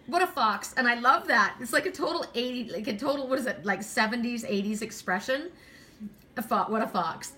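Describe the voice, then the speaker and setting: A woman's voice: a little high, sharp tone. A middle-aged woman doing an oracle card reading, talking in a rambling, chatty, gushing way. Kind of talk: casual card reading monologue.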